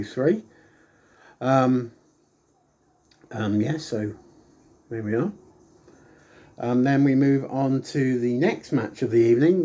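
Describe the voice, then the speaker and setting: A man's voice: mid-range voice, slightly rough. A man casually reviewing an old wrestling broadcast, rambling with lots of ums and acting out quoted lines. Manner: chatty, rambling with frequent ums; animated, acts out quoted lines.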